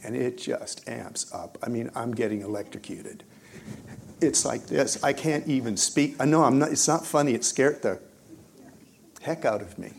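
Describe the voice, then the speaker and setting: A man preaching and telling his own story, swinging between hushed moments and loud, excited bursts. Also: mid-range voice, normal speed, vocal fry, a little hiss or hum. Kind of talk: testimony storytelling in a sermon.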